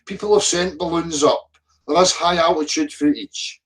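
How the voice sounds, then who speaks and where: Man, middle-aged, high-pitched, abrasive mocking rant, a bit far from the mic. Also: moderate pace. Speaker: flat earth video commentator. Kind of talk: ranting reply to viewer comments.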